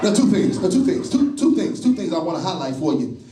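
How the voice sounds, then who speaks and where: A high-voiced male preacher delivers a sermon with call-and-response rhythm, repeating phrases and swelling into shouts. He is caught from a distance in an echoey sanctuary. Faint music sits under him. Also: big pitch swings, a little fast. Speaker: pastor. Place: church sanctuary.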